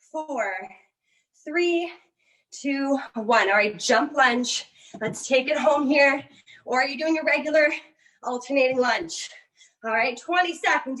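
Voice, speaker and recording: A Canadian woman with a high, bright-sounding voice leads a home workout as the coach. She talks upbeat and encouraging, cheering people on through the reps and counting down each round. She is out of breath from keeping up with the class. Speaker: fitness coach.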